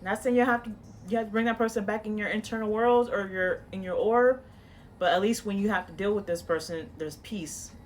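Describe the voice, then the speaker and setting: A woman's voice: mid-range voice, brisk, slight background noise. A woman giving a casual tarot reading in a blunt, profane, coaching tone, rambling with frequent "you know"s and restarts. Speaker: tarot reader.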